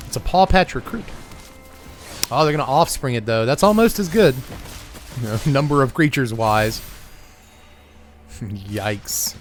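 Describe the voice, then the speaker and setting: A man at a middle pitch commentates his own card game match in a wry, joking way. He chuckles often, and faint music plays behind him. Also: lively intonation, normal speed, pauses often. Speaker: host of a card game channel. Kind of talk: gameplay commentary.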